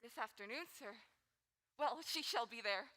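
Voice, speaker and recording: A woman's voice: fairly high pitch, moderate pace, bright, forceful tone. A young woman acting a rambling, teasing old nurse in a school stage play. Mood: gossipy. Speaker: high school stage actor. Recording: school hall reverb.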